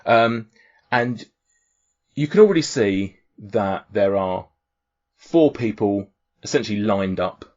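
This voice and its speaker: A man's voice: on the low side, lively intonation, slow, pauses often, darkish tone. A man narrating a tabletop game as game master, rambling with fillers and restarts. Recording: dull lo-fi audio.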